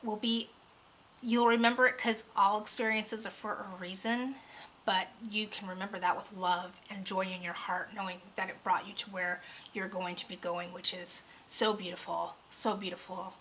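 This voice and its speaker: A woman's voice: medium pitch, little pitch movement, moderate pace, fairly bright tone, a little hiss or hum, poor audio. A woman giving a weekly oracle card reading, talking earnestly and a bit ramblingly, openly emotional, her voice close to cracking. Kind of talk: spiritual card reading monologue.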